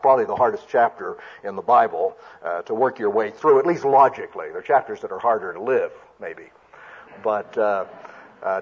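A man works through a sermon, explaining each point carefully and often restarting his sentences. His voice is husky, and the recording sounds dull and lo-fi. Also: mid-range voice. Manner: careful teaching with frequent restarts. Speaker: preacher. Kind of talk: expository sermon.

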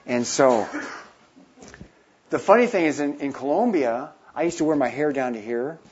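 A missionary in his fifties tells an animated anecdote, acting out the voices of the people in it. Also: mid-range voice, normal speed, highs cut off, a little hiss or hum. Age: 50s. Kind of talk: storytelling talk.

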